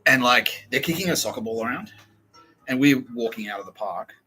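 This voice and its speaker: A man's voice: medium pitch, a little fast, soft background music, low-quality recording. An Australian man hosting a podcast, telling a casual story with lots of swearing and acted-out quotes. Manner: animated, swears often, acts out quoted voices. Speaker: podcast host.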